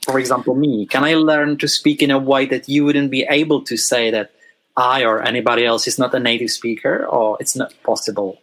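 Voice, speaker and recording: A man with a Czech accent hosts a podcast interview in English. His pitch sits in the middle range. He phrases questions carefully and drops in short, friendly praise. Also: flat delivery, fairly quick, a bit bright. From Czech Republic.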